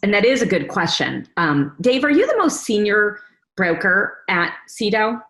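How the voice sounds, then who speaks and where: An upbeat woman hosts a panel show over a video call. She introduces guests and runs segments in a chatty, friendly manner. Her voice sits at a middling pitch for a woman. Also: sing-song, moderate pace, fairly bright tone. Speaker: host and executive producer. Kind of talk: hosting a panel talk show.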